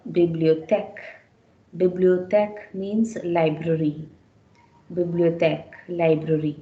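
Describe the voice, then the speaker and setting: A woman teaching a language class in a slow, unhurried voice, pitched a little low. She repeats each word patiently so students can catch it. The room echoes noticeably around her. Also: darkish tone. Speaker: French teacher. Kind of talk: classroom lecture.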